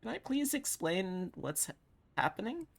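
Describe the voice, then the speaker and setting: A woman's voice: mid-range voice, very animated, a little slow, vocal fry, pitched above the performer's own voice, heavily acted. A woman voicing a flustered, newly transformed anthro furry protagonist in a visual novel, stammering and swearing in a panic. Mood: panicked.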